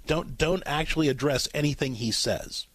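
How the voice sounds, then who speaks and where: A middle-aged man hosting a call-in advice show, coaching a caller in a calm, repetitive way. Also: fairly high pitch, moderate pace, husky, no room sound. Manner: calm, coaching, repeats key points. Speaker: radio advice host.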